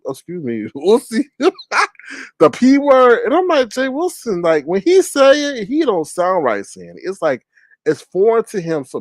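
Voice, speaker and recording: A man hosting a drama commentary vlog, telling stories in an animated, mocking way. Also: sits high, no echo. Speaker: host.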